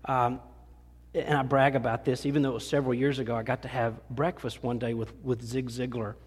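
Folksy pastor in a reverberant hall. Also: male voice, mid-range voice, little pitch movement, fairly quick, slightly rough. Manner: folksy and self-deprecating, rambling with many restarts. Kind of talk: conversational sermon. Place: church sanctuary.

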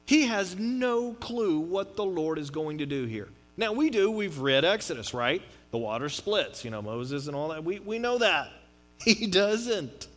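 A middle-aged man preaching a sermon in a conversational, joking way, with swings from loud to quiet. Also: sits high, sing-song, measured pace. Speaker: pastor.

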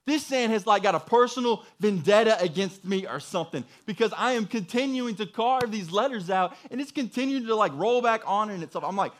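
A young man preaches in a casual, chatty way, telling a story with lots of slang and rhetorical asides. His voice sits a bit high and swings widely in pitch, animated throughout. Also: quick pace, few pauses. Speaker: pastor. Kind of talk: sermon story.

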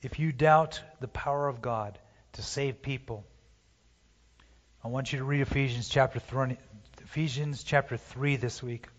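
A man preaching a sermon, impassioned, swinging from loud urging to hushed pleading, recorded in a church sanctuary. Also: medium pitch, fairly even intonation, measured pace. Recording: dull, roomy church hall sound.

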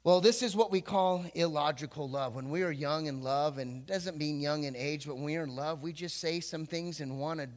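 A man's voice: a little high, fairly quick, few pauses. A middle-aged man, a pastor, telling stories in a humorous sermon and acting out quotes in playful voices. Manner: jokey, animated, acts out quotes in voices. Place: church before a congregation.

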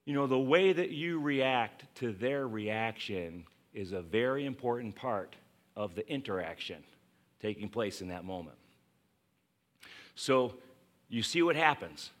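A man's voice: mid-range voice, expressive, a little slow. A man preaching a conversational sermon to his congregation, acting out scripture quotes and laughing along the way. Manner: acts out scripture quotes in voices. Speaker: pastor.

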